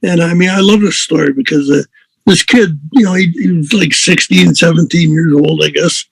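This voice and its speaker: Older male musician-host, high gravelly voice, rambling anecdotes with chuckles, dry close sound. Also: moderate pace, no echo, rough recording. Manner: rambling, chuckling, many fillers. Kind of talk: casual storytelling.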